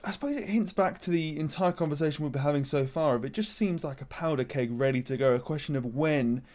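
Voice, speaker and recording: With a fairly high, slightly mellow voice and a quick pace, a man co-hosts a casual motorsport podcast. He's chatty and opinionated as he lays out the news, then hands over to his co-host.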